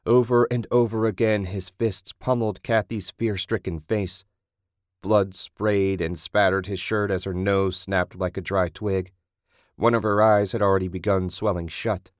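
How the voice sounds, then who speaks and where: A low-voiced male narrator reads a scripted, gory horror audiobook at a steady, measured pace. The recording is dry and close, with no room sound.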